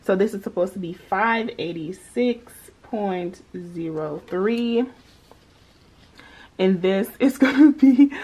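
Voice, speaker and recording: A young woman vlogs her budget in a casual, familiar way. She reads out figures and sums, then talks straight to her viewers with easy chatter. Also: medium pitch. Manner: chatty, talks to viewers as y'all, child, girl. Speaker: budgeting vlogger. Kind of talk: casual budgeting vlog, talking through calculations.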